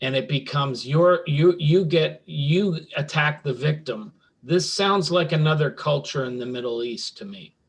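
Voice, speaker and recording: A man hosting an interview, prompting the guest with brisk interjections. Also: a little high, breathy edge. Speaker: interview host.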